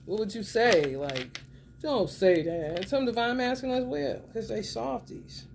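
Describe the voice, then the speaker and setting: A woman giving casual spiritual commentary, blunt, profane and streetwise, drawing some phrases out and rushing others. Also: a little high, sing-song, gravelly, a little hiss or hum. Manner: emphatic, swings between drawn-out and rapid phrases. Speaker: spiritual reader.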